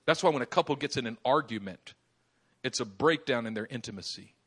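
A man preaching a sermon as pastor, acting out little dialogues with laughter and sudden shouts. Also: medium pitch, lively intonation, fairly quick, slightly rough. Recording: live church service.

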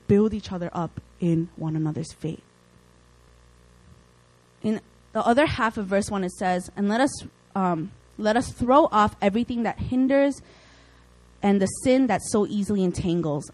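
A young woman preaching a casual, lively sermon, with chatty asides and playful acted quotes. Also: mid-range voice, dry recording, poor audio.

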